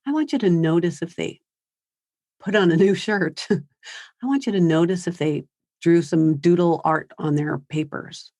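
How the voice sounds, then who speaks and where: A woman's voice: lowish voice, measured pace, warm tone, no echo. A woman giving a parenting seminar in a conversational way, acting out what teens and parents say. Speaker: parenting speaker. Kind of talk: seminar talk. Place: high school seminar.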